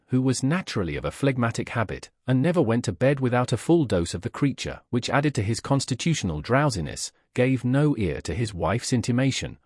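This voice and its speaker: A man narrating a classic novel as an audiobook, in a measured, expressive storytelling manner. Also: mid-range voice, dry recording, studio quality.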